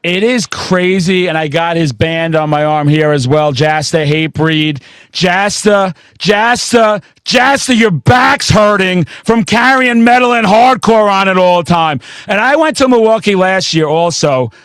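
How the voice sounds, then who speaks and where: Loud, intense man with a high voice. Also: normal speed, hardly any pauses, clear, resonant tone, dry recording, clean studio sound. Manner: loud, intense, excitable storyteller who swears freely. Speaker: podcast host. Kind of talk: casual metal chat.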